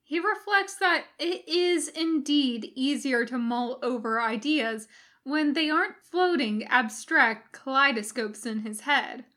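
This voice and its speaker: A woman reading fan fiction aloud as a podfic narrator. Her storytelling is measured and her voice sits high. She keeps an unhurried pace. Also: sharp tone. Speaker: podfic reader.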